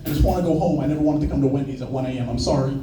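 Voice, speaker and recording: A man's voice: mid-range voice, rapid-fire, recorded from a distance, over music. A young man doing a casual, profane stand-up set, telling stories and slipping into brief put-on voices. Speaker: stand-up comedian. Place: small open-mic room. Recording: echoey room from off-mic, faint noise.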